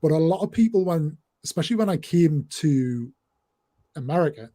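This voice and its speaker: A man from northeast England, with the region's accent, hosts a casual livestream chat. His slightly high voice is mellow and animated at normal speed, and he rambles on with plenty of fillers and restarts.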